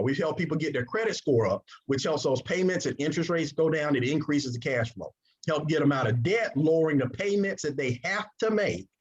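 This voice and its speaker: A man giving an energetic sales presentation, drawing call-and-response from his audience. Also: fairly high pitch. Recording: dull lo-fi recording.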